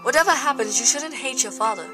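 A woman voicing a gentle, loving mother, speaking softly over game music. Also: high voice, quick pace, voice pushed up, close to an everyday voice. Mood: tender.

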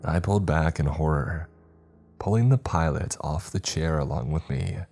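A man narrating a horror story in a steady, measured way. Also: extremely low pitch, faint music behind. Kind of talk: scripted narration.

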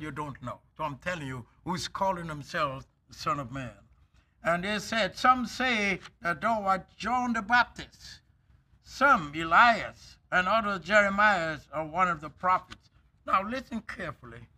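A man preaching a sermon as an elder, emphatic and drawn out, with sudden loud bursts. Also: sits high, lively intonation, a little slow.

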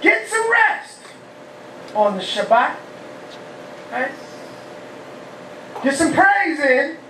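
A rabbi gives a lively call-and-response sermon, asking the congregation questions and shouting praise. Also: male voice, very high-pitched, drawn-out words, slight background noise. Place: humid, warm house of worship. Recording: echoey hall, mic far off.

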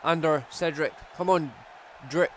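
A young man giving excitable let's play commentary on a wrestling game, full of exclamations. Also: a little high, unhurried, slight background noise. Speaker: gaming YouTuber.

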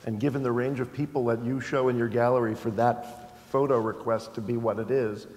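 Male museum director moderating a talk, halting and reflective, long hall reverb. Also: mid-range voice, steady tone, a little mellow. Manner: thoughtful, stammering restarts. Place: lecture hall.

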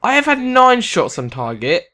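Excitable British lad yelling at a football game. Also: male voice, extremely high pitch, moderate pace. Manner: excitable, shouts and yells at goals, sarcastic asides. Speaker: gaming commentator. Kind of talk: gameplay commentary.

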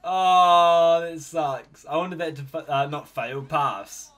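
A man hosting a casual reaction video, excitable and full of exclamations, laughing often. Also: a little high, slow.

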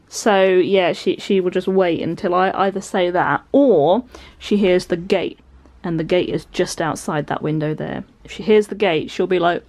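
A woman's voice: lowish voice, steady tone, normal speed, hardly any pauses, a little mellow. A British woman in her twenties talking to the camera from her living room in a casual, giggly, rambling vlog. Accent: British English. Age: 20s. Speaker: vlogger. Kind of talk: casual home vlog chat. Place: home living room, indoors.

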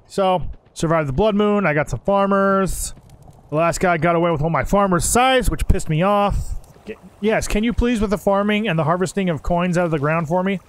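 A young man giving joking, animated commentary while playing a game, swearing and talking to the characters. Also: high voice, normal speed. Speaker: gaming channel host. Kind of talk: casual gameplay commentary.

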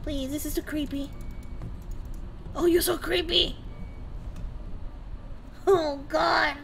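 High-voiced young woman streamer, jumpy and swearing. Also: fairly even intonation, slow pace, creaky, fairly bright tone, a little hiss or hum. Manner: jumpy, swears freely, shrieks at scares, teases the game. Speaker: streamer playing a horror game. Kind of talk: casual live gameplay commentary.

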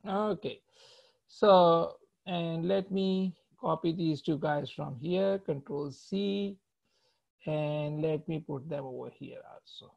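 A male lecturer walks students through code as he types it, checking in with them and ending phrase after phrase with "right?". His voice is dark and gravelly. The audio is muffled and lo-fi, like a class streamed online. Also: fairly high pitch, slow. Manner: talks while typing code, ends phrases with "right?"; explains patiently and checks in with students. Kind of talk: live coding lecture.

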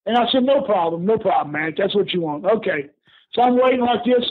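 An older man telling lively stories as a guest in an interview, laughing often and calling the listener "brother". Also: high-pitched, brisk, husky. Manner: lively yarn-spinner who laughs often and says "brother". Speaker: guest, retired pro wrestler. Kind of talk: animated storytelling in an interview. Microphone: phone call. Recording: tinny phone line.

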